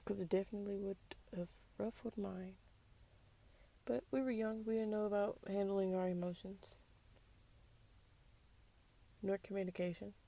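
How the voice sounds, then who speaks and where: Young woman hosting a casual solo podcast, sassy and candid, with a touch of fry in the voice. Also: mid-range voice, steady tone, moderate pace, long pauses, warm tone. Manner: candid, sassy, drops into whispers for asides. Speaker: podcast host. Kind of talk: casual personal monologue.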